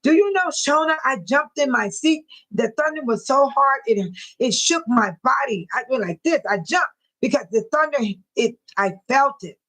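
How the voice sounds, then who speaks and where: An older woman hosting a casual livestream from home, talking straight to her viewers in chat, emotional and quick to bless and pray. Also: sits high, lively intonation, a bit bright, poor audio. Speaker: livestream host.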